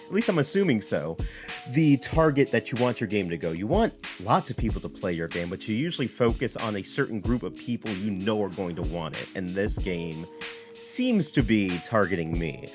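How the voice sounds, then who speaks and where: A low-voiced man talks through a game demo in rambling, self-correcting let's play commentary. His pitch swings widely as he reacts. Faint game music plays underneath. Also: very animated, moderate pace. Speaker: game developer playing a demo.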